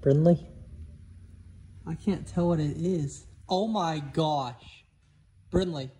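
A man vlogging outdoors on his farm, chatty and excitable as he coaxes his animals. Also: a little high, takes it slowly, slightly rough. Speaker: homestead vlogger. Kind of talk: casual vlog chat.

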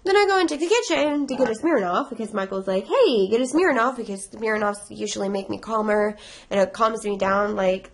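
A woman's voice: mid-range voice, fairly quick. A young woman vlogging casually, rambling and emotional, tearful and stressed while laughing through it. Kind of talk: casual confessional vlog.

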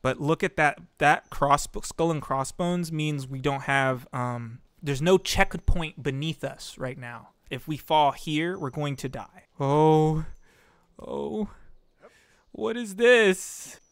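A young man narrating his gameplay on a livestream, slightly high-voiced and in no hurry between his excited yelps. His mic sounds close and dry. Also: a little slow, few pauses, clear, resonant tone, no room sound. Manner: excitable, talks to chat, yelps when falling. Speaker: streamer. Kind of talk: gameplay commentary.

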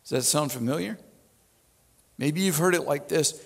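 A man's voice: a little high, normal speed, creaky, long pauses, husky, in a large hall. A man pastor preaching a sermon, telling the story with animation and dropping in wry asides.

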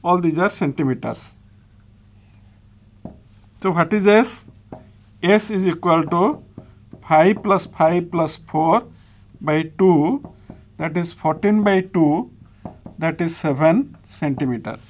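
Slow Indian English maths teacher, man. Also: fairly high pitch, slight background noise. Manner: slow, step-by-step dictation while writing. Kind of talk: blackboard maths lesson.

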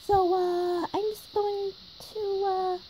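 A woman puts on a cheerful cartoon girl with a very high, squeaky voice and slow, dragging delivery. She hesitates constantly, filling gaps with ums and uhs, over a faint hiss of noise. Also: little pitch movement, warm tone, poor audio. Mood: sheepish. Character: cheerful young girl, sheepish here. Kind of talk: fan voice acting.

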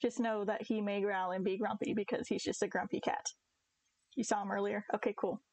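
A woman's voice: medium pitch, level tone, brisk, a little mellow, dry recording. A young woman streaming a farming game, chatting casually and giggly with her viewers and her cats. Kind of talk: casual live-stream chat.

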